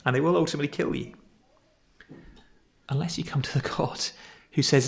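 A man's voice: fairly high pitch, fairly quick, fairly bright tone. Man preaching conversationally. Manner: conversational, self-deprecating preaching with repetitions. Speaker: pastor. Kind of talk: sermon.

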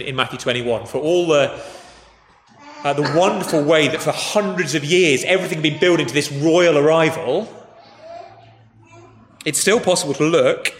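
A man with a voice a little higher than usual delivers a relaxed, storytelling sermon and turns to speak to the children. His voice fills a roomy church with a long reverb tail. A faint hiss sits underneath. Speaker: preacher. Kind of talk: conversational sermon.

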